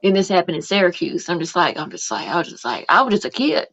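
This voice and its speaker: A woman's voice: on the low side, sing-song, fast talker, fairly bright tone, muffled recording. A woman hosting a casual live podcast, telling a long story in a rambling way with many fillers. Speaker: podcast host.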